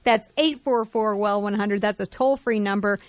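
A woman's voice: medium pitch, normal speed, dry recording. Woman radio co-host, chatty and teasing, dry booth sound. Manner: chatty, laughs often, teasing. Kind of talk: casual radio chat.

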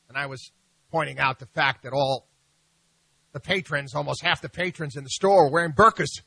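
A man hosting a financial talk radio show, telling stories in an animated, mocking way with frequent restarts. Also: on the high side, fairly quick, gravelly, slightly rough, no room sound. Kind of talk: opinionated talk radio monologue.

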